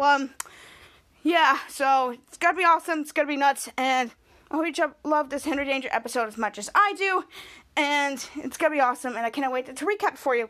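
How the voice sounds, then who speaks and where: A young woman hosting a podcast, eagerly recapping a TV episode and acting out the characters' lines. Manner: energetic, acts out quoted lines with rising pitch. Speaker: podcast host.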